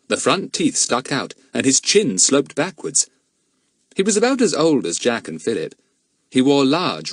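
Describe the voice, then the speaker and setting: Husky, animated male storyteller. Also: medium pitch, no room sound, clean studio sound. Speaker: audiobook narrator. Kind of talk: scripted narration.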